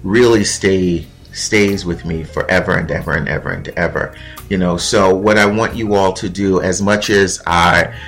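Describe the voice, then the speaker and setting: Very deep-voiced man, earnest and heartfelt. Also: fairly even intonation, creaky, fairly bright tone, soft background music. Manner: earnest, heartfelt, with pauses and fillers. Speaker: podcast host. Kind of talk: reflective spoken monologue.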